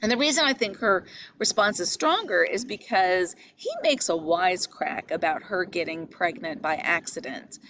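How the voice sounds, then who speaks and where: A woman's voice: lowish voice, normal speed, fairly bright tone, a little hiss or hum, rough recording. A woman teaching a lecture on a play, explaining patiently, asking questions and stressing key words. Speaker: literature teacher.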